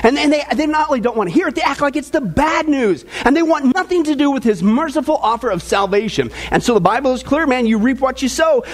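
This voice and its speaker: High-voiced joking preacher man. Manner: joking, lively, talks to the audience. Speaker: pastor. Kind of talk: sermon with jokes.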